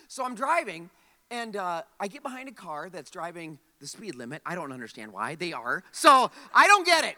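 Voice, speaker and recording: A man in his forties preaching a humorous sermon, telling a story with comic frustration and quick asides to the audience. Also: sits high, pushed and bright, big-room sound. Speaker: pastor. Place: large church hall.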